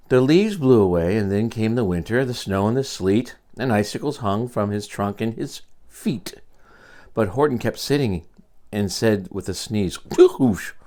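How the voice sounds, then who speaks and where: An older man reading a picture book aloud to his grandchildren, expressive, with quiet asides to the children. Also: lowish voice, moderate pace. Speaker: storyteller.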